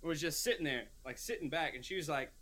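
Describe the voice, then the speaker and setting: With a quick pace and a rather high voice, a man co-hosting a podcast launches into a long, casual story. He animatedly acts out the voices of everyone involved.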